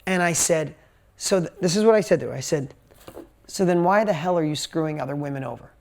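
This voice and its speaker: A man's voice: a little high, fairly quick, creaky, darkish tone. A man giving a sales talk to a live seminar audience, telling stories animatedly, acting out quotes and swearing casually. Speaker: seminar speaker. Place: event stage before a live audience.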